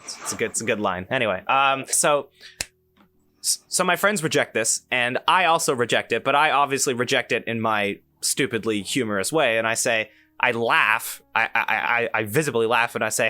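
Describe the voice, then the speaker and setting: A young man hosts a podcast and tells a casual story. He rambles, restarts often and wanders into asides, and his voice is bright and forceful. The sound is dry and close. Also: medium pitch, moderate pace, dry recording. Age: young adult. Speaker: podcast host.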